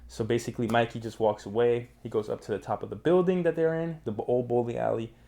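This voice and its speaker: A young man hosting a casual manga review channel, talking in energetic slang with lots of fillers. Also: mid-range voice, fast talker, creaky. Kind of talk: casual chat, recapping a manga.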